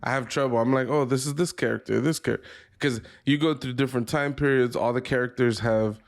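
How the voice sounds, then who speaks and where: A man's voice: medium pitch, steady tone, brisk. A man co-hosting a podcast, telling a rambling, profane story in casual chat. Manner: rambling, profane, laughs a lot. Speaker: podcast co-host.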